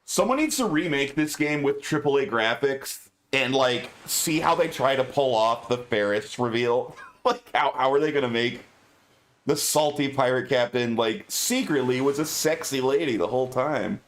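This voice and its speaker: A man's voice: mid-range voice, expressive, moderate pace. Chatty joking man streaming a game. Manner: chatty, joking, filler-heavy. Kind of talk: casual gameplay commentary. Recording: game stream with loud music behind.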